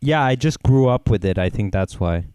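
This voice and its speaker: Guy on a podcast, smooth clear voice, rambly stories, dry close mic. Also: lowish voice, lively intonation, moderate pace, warm tone, no echo. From not from Austria, lives there. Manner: rambling storyteller, mimics accents for laughs. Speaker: podcast co-host. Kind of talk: casual chat.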